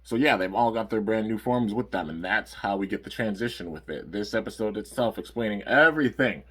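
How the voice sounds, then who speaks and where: A man's voice: lowish voice, fairly quick, fairly bright tone, slightly rough. A man casually recapping cartoon episodes in a rambling review. He uses lots of fillers and stops to correct himself.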